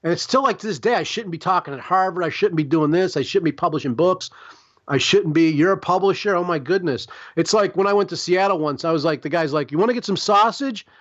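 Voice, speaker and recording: A man's voice: on the high side, fast, fairly bright tone, muffled recording. A man from Chicago, a guest on a podcast interview, talking in a rambling, emphatic and profane way. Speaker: guest artist.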